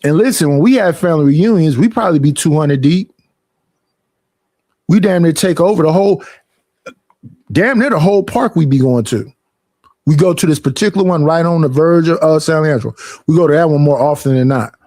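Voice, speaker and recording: A young man talks at an unusually high pitch for a man, swearing freely as he vents in a casual streaming rant. The sound is dry and close, with no room around it. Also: brisk, long pauses, no room sound. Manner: profane, animated complaining.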